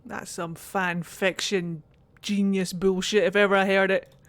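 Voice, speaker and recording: A woman's voice: medium pitch, level tone, measured pace. A Glaswegian woman in her thirties, giving blunt, sweary, playful commentary while streaming a game. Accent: Glaswegian Scottish.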